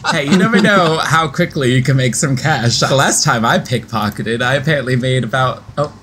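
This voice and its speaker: A contestant on a comedy game show, making wry jokes during banter. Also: male voice, mid-range voice, fairly quick, a bit bright, a little hiss or hum. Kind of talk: casual banter.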